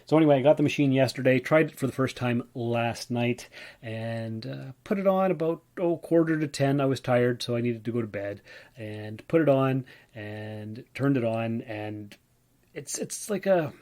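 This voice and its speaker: A man's voice: medium pitch, normal speed, a little mellow. A man hosting a casual solo podcast, rambling and stumbling over his words as he tells a personal story. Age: adult, working mailman. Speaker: podcast host.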